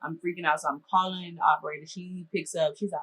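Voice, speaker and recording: A young adult woman from Minnesota telling a storytime vlog in a lively, exasperated way, full of casual slang. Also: on the low side, a little fast, hardly any pauses, slightly rough, low-quality recording.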